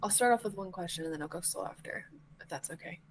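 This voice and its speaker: A woman's voice: on the low side, quick pace, a little hiss or hum, poor audio. A woman playing in a tabletop game over an online call, talking in a nervous, careful way and swearing now and then. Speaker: player. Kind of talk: casual chat at a tabletop game. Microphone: online call mic.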